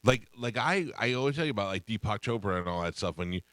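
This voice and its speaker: A man's voice: on the low side, animated, quick pace, a bit bright, dry recording. A man hosting a radio show, chatting casually and telling stories, acting out the voices of the people in them. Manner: storytelling, acts out voices in anecdotes. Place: radio studio. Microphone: studio microphone.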